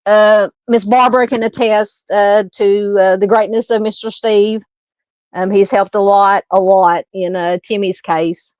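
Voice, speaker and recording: Southern woman, true crime streamer, relaxed filler-heavy chat, dull lo-fi sound. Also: mid-range voice, measured pace, dry recording. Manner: relaxed and chatty, frequent ums and uhs. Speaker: true crime livestream host. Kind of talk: casual livestream chat reading viewer comments. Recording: dull lo-fi dry home mic.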